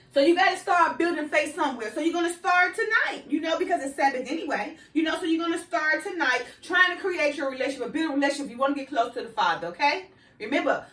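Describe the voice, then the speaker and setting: A woman's voice: high voice, fairly bright tone, far from the mic. A woman giving an informal sermon, preaching conversationally and checking in with "right?" and "you know" often. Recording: echoey room, voice set back from the mic.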